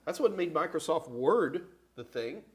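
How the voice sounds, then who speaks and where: A man's voice: fairly high pitch, lively intonation, measured pace, a little hiss or hum. An older man hosting a casual live tech Q and A, joking and playful, often slipping into quoted voices. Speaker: host answering tech questions. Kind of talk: casual live-stream chat.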